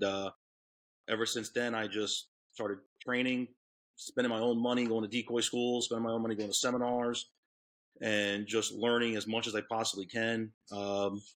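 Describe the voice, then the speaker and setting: Low-voiced man with a New York accent. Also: fairly bright tone. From Orlando, Florida. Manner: rambling, many fillers and restarts. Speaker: guest, police K9 handler. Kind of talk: casual storytelling interview.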